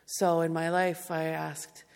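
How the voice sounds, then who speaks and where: A woman's voice: low voice, little pitch movement, slow pace, vocal fry, big-room sound. A woman pastor preaching a sermon, speaking tenderly and directly to her congregation.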